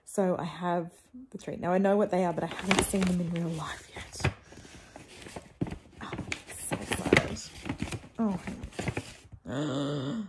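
Female book vlogger, unhurried delivery with a fry-edged voice, gushing and breathy-hushed when excited. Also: on the low side, noisy background. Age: adult with sons. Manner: gushing, with gasps and hushed exclamations. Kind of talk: casual book-haul vlog.

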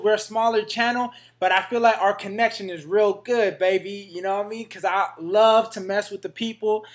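A man vlogging to his fans, hyped and slangy, with a Northern California accent, tossing "man" and "baby" into every line. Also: high-pitched. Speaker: fitness vlogger. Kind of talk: casual vlog to camera.

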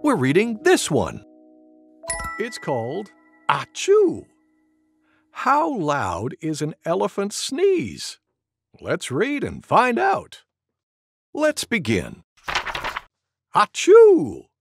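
A man hosting storytime, reading a picture book aloud to preschool children in an expressive, animated way. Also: a little high, slow pace, husky, no echo, soft background music.

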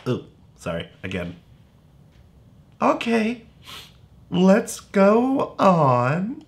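A man's voice: mid-range voice, sing-song, extremely slow, pauses often, fairly bright tone. A man teaching young children phonics in a playful way, sounding out words letter by letter. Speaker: kindergarten teacher.

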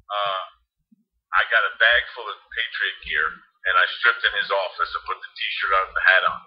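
A man, a podcast guest telling stories in a blunt, animated way and acting out quotes. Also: sits low, moderate pace. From Harrison, New Jersey. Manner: animated storyteller, blunt and salty, acts out quotes. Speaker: podcast guest, former quarterback. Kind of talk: casual storytelling chat. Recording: dull lo-fi podcast audio.

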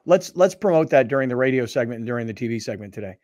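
A male radio and TV show host chatting casually in a studio and acting out stories with lively dialogue. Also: mid-range voice, rapid-fire, no room sound. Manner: animated storyteller, acts out dialogue. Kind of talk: casual sports talk show chat. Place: broadcast studio. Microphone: studio microphone.

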